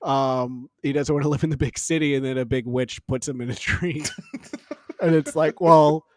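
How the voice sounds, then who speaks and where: Male podcast co-host, casual, animated and chatty, very expressive pitch, dry close mic. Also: moderate pace, no echo. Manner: animated, laughs often, rambling asides. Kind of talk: casual chat.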